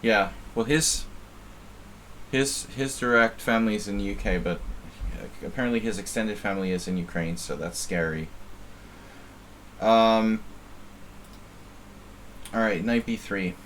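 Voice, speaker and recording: A man's voice: on the low side, measured pace, pauses often, a bit bright, slight background noise. A man from New Jersey giving casual live-stream chess commentary, thinking aloud and often repeating words as he muses. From New Jersey, USA.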